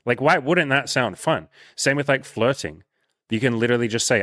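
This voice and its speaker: A man's voice: mid-range voice, normal speed, a bit bright, no echo, studio quality. A man hosting a casual coaching interview, talking animatedly, swearing freely and acting out little bits of dialogue. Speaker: dating coach and host.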